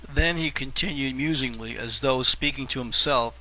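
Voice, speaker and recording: A man narrating an audiobook in an even, steady reading manner. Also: medium pitch, normal speed, hardly any pauses, rough recording.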